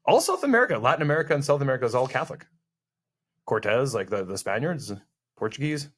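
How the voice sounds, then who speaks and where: A man's voice: medium pitch, very animated, a bit bright, breathy edge. Guy cohosting a podcast, jokes around, rambles, keeps cutting in. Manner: joking, rambling, quick to interrupt. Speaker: podcast co-host. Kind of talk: casual chat.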